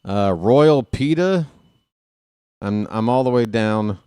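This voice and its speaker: A man's voice: expressive, slow, dark tone, smooth, no room sound, clean studio sound. Chatty man calling baseball play-by-play. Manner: casual, chatty, reads viewer names between pitches. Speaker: play-by-play streamer. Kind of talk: live play-by-play with chat shout-outs.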